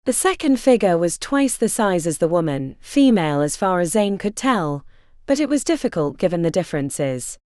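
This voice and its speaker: A woman reads a fantasy audiobook with expressive, storytelling flair. Her voice is on the lower side at a normal pace, captured dry with studio quality.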